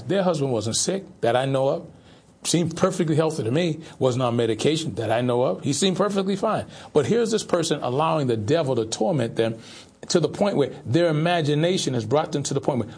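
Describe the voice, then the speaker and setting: A man's voice: medium pitch, expressive, quick pace, a little mellow, husky. A man preaching a sermon as pastor, repeating rhetorical questions in an insistent way.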